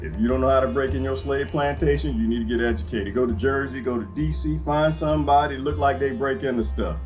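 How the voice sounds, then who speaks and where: A man from the Washington DC area who hosts a livestream and rambles through a morning monologue to his viewers. He swings from loud outbursts to low muttering and laughs often. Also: brisk, soft background music. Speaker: livestream host.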